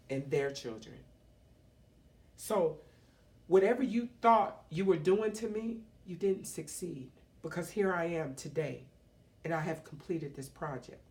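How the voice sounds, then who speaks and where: A middle-aged woman and small business owner giving an emotional, emphatic public speech, repeating phrases for force. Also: low voice. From United States. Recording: roomy echo, speaker far from the mic.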